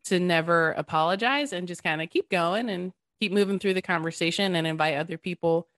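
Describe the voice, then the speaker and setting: A woman's voice: fairly low pitch, fairly quick, a bit bright, dry recording. A woman in her thirties, a podcast guest talking earnestly and animatedly, laughing easily. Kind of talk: casual conversation.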